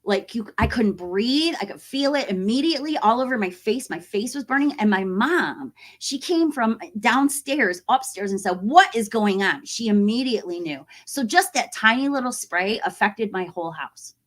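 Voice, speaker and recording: A woman in her forties chatting casually to camera as a horror YouTuber, animated and acting out other people's voices as she tells a story. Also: on the high side, normal speed, hardly any pauses. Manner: animated, acts out quoted voices.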